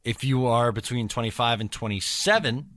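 A man co-hosting a podcast rambles in casual chat, overthinking and leaning heavily on filler words. His voice is medium-pitched and a bit bright, at a moderate pace, in clean studio sound with no echo.

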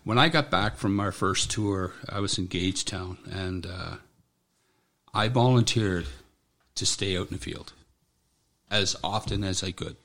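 Blunt gravelly veteran man. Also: sits low, fairly bright tone. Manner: blunt, profane, halting. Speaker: military veteran guest. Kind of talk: personal account in an interview.

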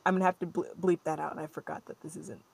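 A young adult woman hosting a podcast, telling a story in an animated, rambling way full of fillers. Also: deep voice, fast, vocal fry, husky. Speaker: podcast host. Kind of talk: casual storytelling chat.

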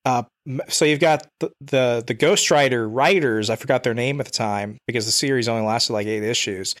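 A man's voice: mid-range voice, brisk, a bit bright. Joking man in casual chat. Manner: joking, blunt, swears casually. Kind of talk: casual chat about comics.

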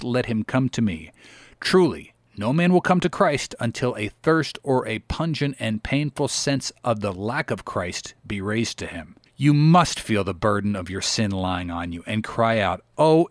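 A man preaching a sermon with solemn, exhorting weight and old-fashioned scriptural phrasing. His voice sits at a middling pitch. The recording is dry and close, with no room sound. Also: no echo.

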